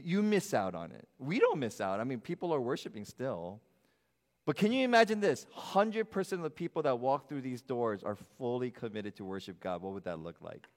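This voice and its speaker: A middle-aged man preaching a sermon as pastor, swinging from loud, high emphasis to soft, low asides. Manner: animated preaching, rising loud then dropping soft. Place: church sanctuary. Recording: long hall reverb.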